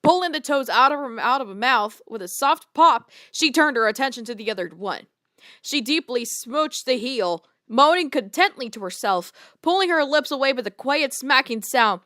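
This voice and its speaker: A woman reads fanfiction aloud for laughs, tripping over words and bursting into disbelieving reactions. Her voice is on the high side, pushed and bright, recorded in studio quality with no room sound.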